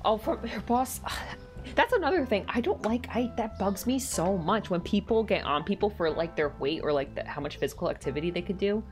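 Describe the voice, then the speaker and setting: Talking a little fast with hardly any pauses, a mid-range-voiced woman streamer rambles casually at home during a gaming session, leaning heavily on "like" and flaring up when annoyed. Music is faintly audible in the background.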